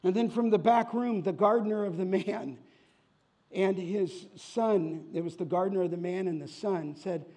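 A man preaching a sermon, telling a story slowly and rising in volume for its dramatic moments. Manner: tells a story slowly, rising loud and high for shouted voices. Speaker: pastor.

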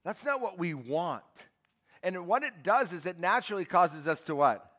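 A man preaching a sermon as pastor, emphatic and calling out to his congregation for answers, moving between quiet asides and shouted lines. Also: sits high, very animated, normal speed. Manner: emphatic, calls out to the congregation for responses.

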